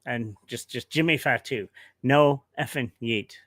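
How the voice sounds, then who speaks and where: A man's voice: mid-range voice, unhurried, fairly bright tone, dry recording. A man streaming casual commentary, rambling and emotional, with many restarts.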